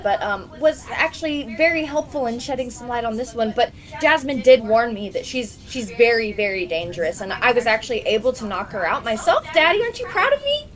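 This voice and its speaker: A woman with a higher-pitched, very lively voice plays a princess at a tabletop game. She speaks sweetly and eagerly, her lines lifting at the ends. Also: a little fast, low-quality recording. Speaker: player.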